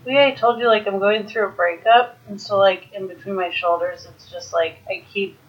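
A woman's voice: medium pitch, steady tone, normal speed. A young woman, a guest chatting casually and filling her talk with "like". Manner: chatty, filler-heavy, says "like" a lot. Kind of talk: casual chat. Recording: dull lo-fi recording.

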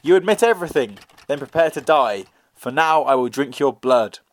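A man voicing a hot-tempered young male restaurant owner who makes slow, drawn-out threats. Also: medium pitch, lively intonation, natural voice. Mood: menacing.

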